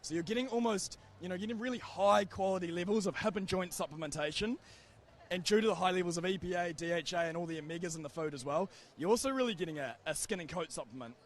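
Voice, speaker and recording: High-voiced man with a New Zealand accent. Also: quick pace. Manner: energetic, earnest, keeps checking in with "all right?". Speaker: pet food sales rep. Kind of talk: enthusiastic product pitch. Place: trade show floor.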